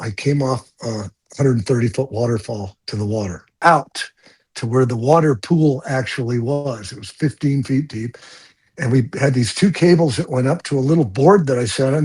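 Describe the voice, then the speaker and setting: Husky older man telling stunt stories. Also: mid-range voice. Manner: blunt, animated, swears freely. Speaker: stunt coordinator. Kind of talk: storytelling interview.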